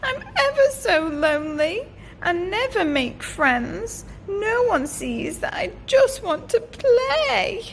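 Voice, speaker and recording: A woman voicing a lonely little dragon that pleads slowly in a squeaky, whimpering voice. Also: very animated, gravelly, a bit bright, a little hiss or hum, exaggerated voice. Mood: tearful.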